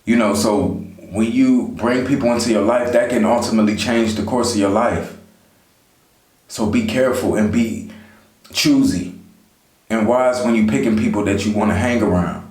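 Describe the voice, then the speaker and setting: A man's voice: fairly low pitch, normal speed, a little mellow. A man vlogging life advice in a casual, conversational way, talking straight to his viewers and often saying "you know". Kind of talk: casual motivational talk to camera. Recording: echoey room.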